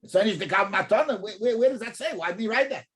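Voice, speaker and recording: Man with a lilt teaching gemara, fairly high voice, keeps asking questions and repeating himself. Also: rapid-fire. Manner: animated, repeats words while thinking, poses rhetorical questions. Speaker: rabbi teaching Talmud. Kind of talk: in-depth Torah class.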